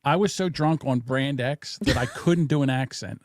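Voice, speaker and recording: A man's voice: mid-range voice, moderate pace, dry recording. A man co-hosting a casual podcast, talking loosely, swearing and tripping over words. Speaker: podcast co-host. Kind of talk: casual rant chat.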